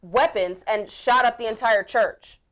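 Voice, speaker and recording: A woman's voice: fairly high pitch, a little slow, a bit bright. Blunt, emphatic woman co-host. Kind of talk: casual political commentary.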